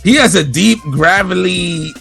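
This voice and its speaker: A man in casual podcast banter, his voice sitting a little high for a man. He talks loosely and profanely, joking with the crew, with soft music faint behind him. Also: measured pace, creaky. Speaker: podcast co-host. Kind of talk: casual boxing chat.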